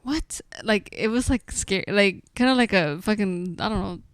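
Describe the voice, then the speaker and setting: A woman's voice: mid-range voice, moderate pace, smooth, no echo, clean studio sound. A young woman co-hosting a podcast, chatting casually, teasing her partner and laughing often. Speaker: podcast co-host. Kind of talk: casual chat.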